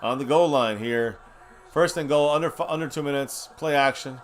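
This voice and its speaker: A tipsy man runs a live watch-party stream and reacts to the game as it happens. He curses freely, mutters under his breath, then bursts out loud. His voice sits at an ordinary middle pitch for a man. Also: normal speed. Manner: profane, excitable, swings from mutters to shouts. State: has been drinking.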